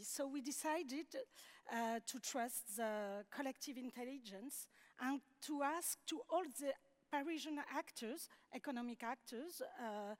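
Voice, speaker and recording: A woman with a noticeably high voice and a French accent speaks on a conference panel, answering in halting English that she is not native in. She often stops and restarts while hunting for the right word, and sounds middle-aged. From France. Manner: halting, searching for words, frequent restarts. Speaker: deputy mayor panelist.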